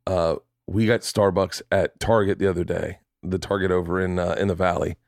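A man's voice: sits low, normal speed, vocal fry, no echo, clean studio sound. A man in his forties hosting a podcast, telling stories in casual chat, swearing freely and acting out the voices of people in his stories. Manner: animated storyteller, swears freely, acts out voices. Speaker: podcast host.

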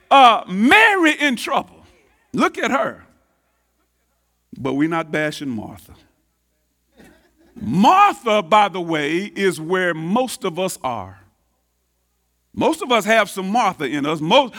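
Man, pastor preaching, very high voice, bright and sharp tone. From Texas, United States. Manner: emphatic preacher, swinging from booming to hushed, repeats key phrases. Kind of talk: sermon.

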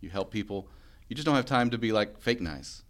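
A man co-hosting a casual newsroom podcast chat, chatty and quick to laugh. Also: on the low side, expressive. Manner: fast, chatty, laughs often. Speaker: podcast co-host, TV news reporter.

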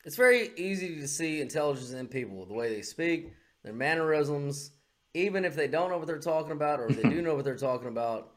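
A man co-hosting a casual podcast, with a voice sitting a little high for a man. He talks bluntly and mockingly, swearing freely as he rants. He is close on a podcast microphone. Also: expressive, a little fast. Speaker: podcast co-host. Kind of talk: casual profane podcast chat.

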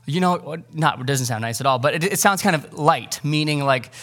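A man preaching a sermon, lively and joking, acting out the disciples in quick asides. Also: a little high. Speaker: pastor.

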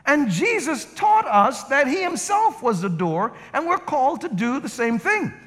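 A man's voice: very high-pitched, a little slow. A male guest pastor preaching a sermon and telling stories with acted quotes, recorded in a church sanctuary. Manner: animated storytelling with acted quotes. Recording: reverberant hall.

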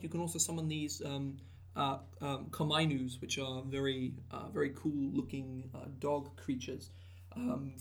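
This mid-range, gravelly male voice belongs to a podcast co-host chatting casually about tabletop game content. His talk rambles, with many fillers and false starts.

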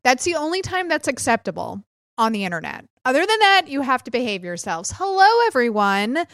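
A woman's voice: high-pitched, sing-song, a little fast, fairly bright tone, no room sound, studio quality. A woman hosting a solo podcast, chatty and sarcastic, poking fun at herself. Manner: chatty, sarcastic, self-deprecating. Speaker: podcast host. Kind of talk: casual solo podcast monologue.

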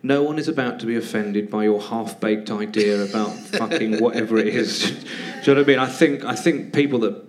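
A man's voice: on the low side, fairly quick, hardly any pauses. A comedian guest on a live podcast, a man who talks in a hesitant, rambling way with many fillers and a wry, sardonic edge.

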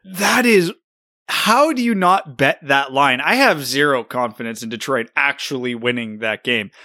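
A man's voice: medium pitch, a little slow. A man co-hosting a hockey podcast, talking casually and animatedly about games and playing days. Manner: animated, storytelling. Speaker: podcast co-host. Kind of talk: casual chat.

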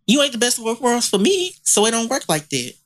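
A man's voice: very high voice, big pitch swings, fairly quick, a bit bright. A man co-hosting a casual podcast chat, talking bluntly and profanely with lots of animation. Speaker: podcast co-host.

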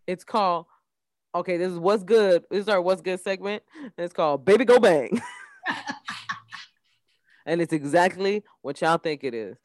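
A young woman co-hosting a casual podcast, telling an animated story with laughter and acted quotes. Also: lowish voice, normal speed, pauses often, no echo, studio quality. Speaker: podcast co-host. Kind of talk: casual chat.

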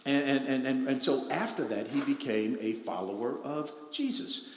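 A man's voice: mid-range voice, normal speed, slight background noise. Man preaching in an echoing sanctuary. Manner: preaching with rising emphatic bursts and repetition. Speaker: pastor. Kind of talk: sermon. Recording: echoey hall with long reverb.

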